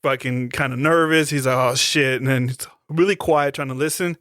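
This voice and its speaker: A man's voice: medium pitch, steady tone, moderate pace, fairly bright tone, no room sound, studio quality. A man co-hosting a podcast, retelling a horror movie scene in a laid-back, profane way. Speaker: podcast co-host. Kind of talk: casual movie chat.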